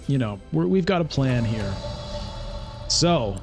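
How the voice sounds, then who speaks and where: A man's voice: medium pitch, very animated, slow pace, gravelly, music in the background. A man giving casual, chatty commentary as he plays a digital board game, thinking aloud. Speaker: streamer.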